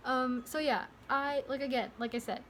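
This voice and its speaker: A young woman vlogging her opinions on a film, her voice sitting a little high. She rambles, breaks off mid-thought and starts over, filling gaps with "like" and "you know". A faint hiss of background noise runs under the recording. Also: steady tone, moderate pace. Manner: rambling, self-interrupting, frequent "like" fillers. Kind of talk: casual movie review monologue.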